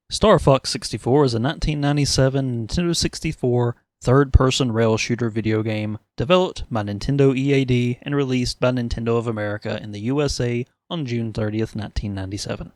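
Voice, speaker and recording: A man's voice: medium pitch, a little fast, no room sound. A man hosting a casual podcast chat, swearing freely and cracking jokes. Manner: profane, wisecracking. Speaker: podcast host.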